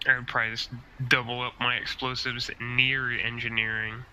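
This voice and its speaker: Man, tabletop player, blunt, swears, sharp bright voice, online call. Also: mid-range voice, level tone, moderate pace, slight background noise, poor audio. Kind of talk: casual tabletop play.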